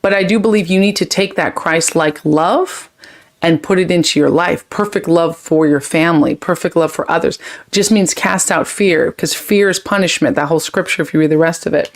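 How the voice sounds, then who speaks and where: Woman host for a live chat, a bit low-pitched, emotional and effusive, quick and rambling. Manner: effusive, emotional, thanks viewers often; quick, chatty, drifts between topics. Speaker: livestream host. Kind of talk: casual live chat reading comments.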